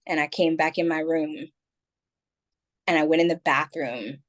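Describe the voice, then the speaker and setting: A woman's voice: sits low, steady tone, moderate pace, long pauses. A woman guest on a podcast, telling a personal story in candid, rambling conversation full of "like" and "um".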